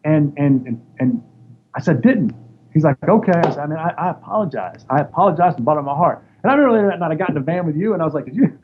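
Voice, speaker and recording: A man's voice: fairly high pitch, racing. A man telling stories as an interview guest, acting out the other people's voices as he goes. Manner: animated storyteller acting out quoted voices. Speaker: interview guest, former wrestler. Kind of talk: casual storytelling. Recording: dull lo-fi sound with faint noise.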